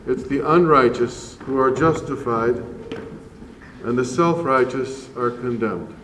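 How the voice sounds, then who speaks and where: A man preaching a sermon as a priest, measured and earnest with slow emphatic pauses. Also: fairly high pitch, slight background noise. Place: church. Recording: roomy church echo from far off.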